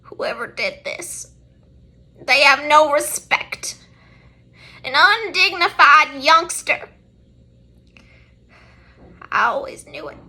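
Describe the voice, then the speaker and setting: A woman's voice: sits high, big pitch swings, slow, long pauses, bright, forceful tone, heavily acted. A woman voicing a prim, disapproving old woman from an amateur comedy sketch, who talks in a prissy, scolding way.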